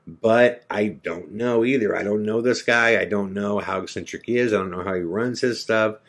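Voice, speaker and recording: A middle-aged man hosting a podcast, telling a story in a lively way and acting out the people he quotes. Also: on the low side, normal speed. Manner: animated storyteller, acts out quoted dialogue. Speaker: podcast host.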